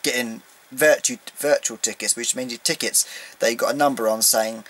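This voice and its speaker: Excitable guy rambling about fandom. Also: mid-range voice, normal speed, low-quality recording. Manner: excitable, rambling, lots of ums. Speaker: vlogger. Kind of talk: casual fan vlog recap. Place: indoors at home, beside his collection.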